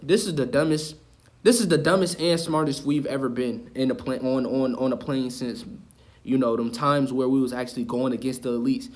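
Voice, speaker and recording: An online video host, a man, rants to the camera about spiritual matters in an impassioned, preachy way, cursing and repeating himself for emphasis. His voice is mid-range and darkish, with fairly even intonation and a moderate pace.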